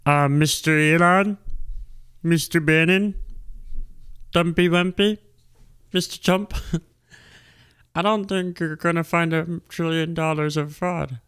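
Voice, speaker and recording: A man voicing a meek, timid young man who pleads softly and apologizes in halting phrases. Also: fairly high pitch, fairly even intonation, clear, resonant tone, pitched above the performer's own voice.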